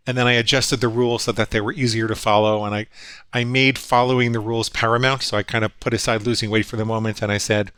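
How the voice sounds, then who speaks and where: A man's voice: mid-range voice, level tone, fast, fairly bright tone, clear, resonant tone, no room sound. Earnest man in a dry recording. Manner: earnest, reflective, quotes his own inner voices. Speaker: guest psychologist. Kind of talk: storytelling conversation.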